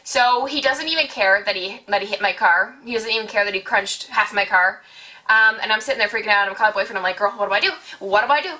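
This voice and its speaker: A woman in her late teens telling a casual storytime on her vlog, chatty and animated, full of "like". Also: mid-range voice, fast. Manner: chatty, heavy use of "like", animated retelling. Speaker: vlogger.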